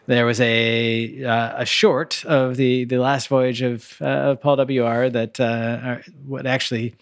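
A man's voice: mid-range voice, little pitch movement, unhurried, no echo, studio quality. A man co-hosting a movie-review podcast, speaking in an easygoing way with many fillers. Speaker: podcast co-host. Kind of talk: casual movie-review chat.

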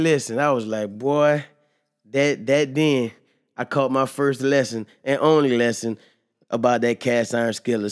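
A young man hosting a casual solo podcast, loose and joking, sometimes getting loud and animated. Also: mid-range voice, clear, resonant tone. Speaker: podcast host.

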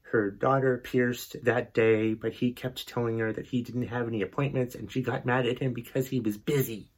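A man's voice: mid-range voice, slightly rough. A male podcast host delivering an exasperated, profanity-heavy rant. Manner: angry, exasperated, heavy swearing.

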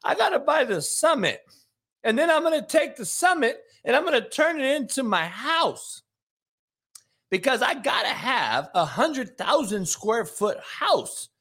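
A man putting on the voice of a greedy televangelist preacher, with a sleazy, wheedling pitch for money. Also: sing-song, a little slow, fairly bright tone, breathy edge, full character voice.

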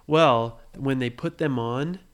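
A woman improvises a bedtime story for a child, with a low, animated voice. She keeps drawing the listener in with questions about what happens next. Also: slow pace, clean tone.

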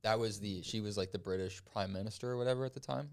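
Casting: man, lower voice, loose rambling podcast storyteller, swears casually. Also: fast talker, creaky, darkish tone. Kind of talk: casual chat.

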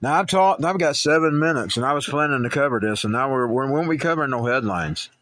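A man's voice: medium pitch, lively intonation, fast talker, fairly bright tone, dry recording. A man who hosts a political talk show, rambling through personal stories and news commentary, stumbling and restarting, and growing heated.

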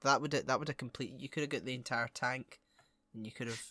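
A man chatting casually about a film, playful and jokey, asking questions in quick bursts. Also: medium pitch, fairly even intonation, bright, forceful tone, no echo.

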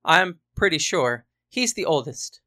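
A woman's voice: deep voice, big pitch swings, unhurried, bright, forceful tone, heavily acted. A woman voicing a cheerful, kind young woman in a storybook. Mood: giggly.

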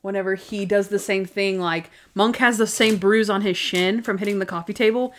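A woman's voice: medium pitch, fairly even intonation, slight background noise. A woman co-hosting a casual podcast, chatting about favorite scenes from a TV show and acting out bits of dialogue as she goes. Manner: chatty, retells scenes with quick quoted voices and laughter. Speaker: podcast co-host. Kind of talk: casual chat recapping a TV show.

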